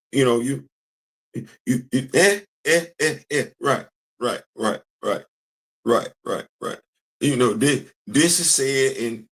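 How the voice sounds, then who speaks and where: A man hosting a commentary channel, talking in a casual, animated way, repeating phrases and answering himself with call-and-response. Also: medium pitch.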